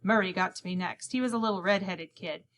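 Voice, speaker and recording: A woman's voice: lowish voice, brisk, a bit bright. A woman reading a children's novel aloud, narrating as a young boy and acting out the other characters' lines. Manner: reads in a boy's first-person voice, acting out each character's lines. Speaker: audiobook narrator. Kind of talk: scripted narration.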